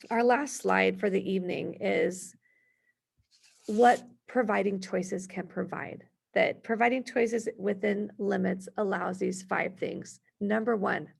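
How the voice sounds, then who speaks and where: Gravelly, husky-voiced woman presenter. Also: mid-range voice. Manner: chatty, storytelling, gives worded examples. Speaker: parenting workshop presenter. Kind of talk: conversational workshop presentation.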